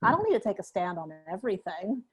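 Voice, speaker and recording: A young adult woman guest on an interview, telling a story in a lively, laughing way and acting out the voices of the people in it. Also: mid-range voice, fast talker, faint music behind. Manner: animated, laughing, acts out quoted voices. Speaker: guest sound designer.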